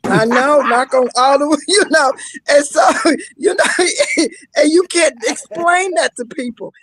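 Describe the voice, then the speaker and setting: A woman guest on a live-streamed talk show, telling lively personal stories with frequent laughter and mock-scolding asides. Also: high-pitched, a little slow, slight background noise, rough recording. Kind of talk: emotional casual talk-show chat.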